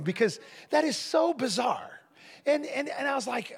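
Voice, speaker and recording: A man telling a story in a casual, animated way, laughing often and restarting his phrases. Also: very high-pitched, moderate pace, vocal fry, breathy edge. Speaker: guest minister telling a story.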